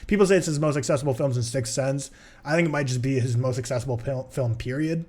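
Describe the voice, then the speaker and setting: A man in casual podcast chat, talking about a film in a loose, rambling way and leaning on filler words as he thinks aloud. His voice sits at an ordinary middle pitch. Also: fast, darkish tone. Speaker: podcast co-host.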